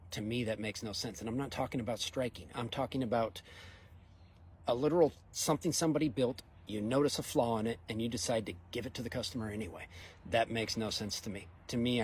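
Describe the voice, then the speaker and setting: A man's voice: medium pitch, slight background noise. A middle-aged man, a welder, giving a blunt, exasperated opinion monologue in casual speech. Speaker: fabricator welder.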